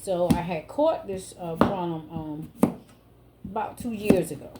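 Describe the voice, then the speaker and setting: A woman talks viewers through a recipe in a relaxed, chatty home cooking vlog. She speaks slowly and calls her audience y'all and baby. Loud steady noise sits behind her voice. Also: lowish voice. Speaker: home cook vlogger.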